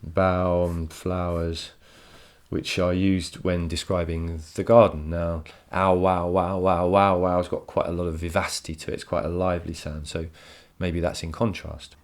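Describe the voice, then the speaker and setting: A man's voice: deep voice, flat delivery, normal speed. A male teacher giving a recorded poetry lesson from home, enthusiastic and explanatory, often repeating words as he thinks.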